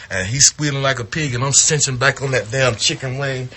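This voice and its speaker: A man telling a story about his wrestling days in a casual, profane, animated way, acting out what people said. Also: mid-range voice, a little fast, breathy edge. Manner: profane, animated, acts out quotes.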